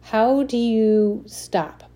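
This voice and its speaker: A woman's voice: a little high, fairly even intonation, drawn-out words, warm tone. A woman giving a casual self-help talk, often checking in with "right?" and restarting her sentences. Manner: explains with frequent "right?" check-ins and examples. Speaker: speaker on stress and habits.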